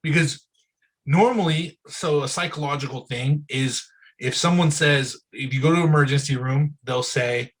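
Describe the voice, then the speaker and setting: A man's voice: fairly high pitch, normal speed, slightly rough, poor audio. A man as an interview guest in casual, candid conversation, speaking loosely and frankly and often saying "bro" and "dude".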